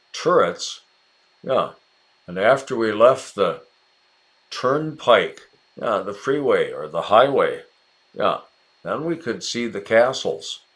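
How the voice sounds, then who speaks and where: A man with an American accent teaching English in a relaxed, chatty way, encouraging viewers and calling them by name. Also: fairly low pitch. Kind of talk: casual ESL lesson narration.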